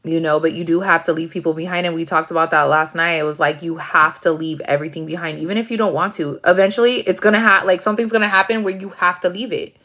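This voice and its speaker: A woman's voice: lowish voice, fairly even intonation, fast talker, hardly any pauses, pushed and bright, highs cut off. A woman giving a casual tarot reading, blunt and profane, acting out rowdy asides. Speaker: tarot reader.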